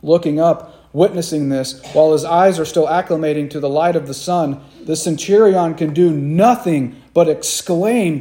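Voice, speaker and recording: A man's voice: fairly high pitch, normal speed, hardly any pauses, mellow. A man preaching a sermon, retelling a scene dramatically and repeating key phrases for emphasis.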